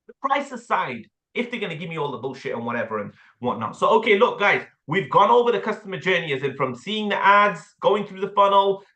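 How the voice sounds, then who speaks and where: A man with an English accent coaching a sales team, blunt and animated, with casual slang and the odd swear word. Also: high voice, quick pace, hardly any pauses, reverberant. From England. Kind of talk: sales training talk with role-play.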